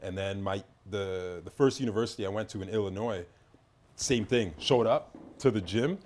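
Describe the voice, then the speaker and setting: Man, low voice, canadian-raised, rambling casual storyteller. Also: moderate pace, a little mellow. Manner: rambling storyteller with many restarts. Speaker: podcast guest. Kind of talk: casual podcast chat.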